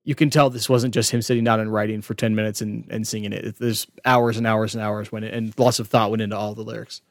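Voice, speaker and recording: A man's voice: fairly low pitch, level tone, fast, no echo, clean studio sound. A man co-hosting a podcast, chatting casually about an album and peppering his talk with "like.". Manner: chatty, lots of "like" fillers. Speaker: podcast co-host.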